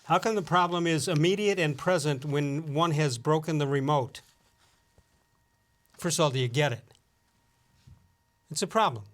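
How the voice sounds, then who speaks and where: Brief: middle-aged host, a touch high-pitched, jokey and chuckling, reads corny puns to his cohost. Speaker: talk show host. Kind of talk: casual radio banter, reading listener jokes.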